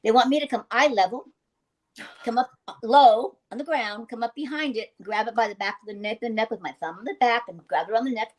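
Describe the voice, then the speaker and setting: Older woman telling animated stories. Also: on the high side, brisk. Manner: animated storyteller who laughs often. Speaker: guest actress. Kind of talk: casual interview anecdotes.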